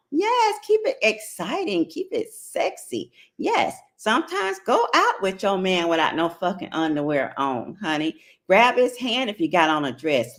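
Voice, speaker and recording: This host, a middle-aged woman speaking with an African American Vernacular English accent, gives relationship advice in a casual, blunt, profane style while checking on her audience. She has a lowish, slightly bright voice.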